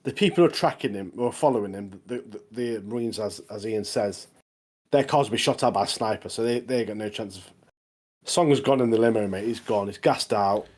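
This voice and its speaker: A man's voice: fairly low pitch, fairly quick, a little mellow. A man co-hosting a podcast, recapping in a loose, rambling way with many tag questions. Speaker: podcast co-host. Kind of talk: casual chat.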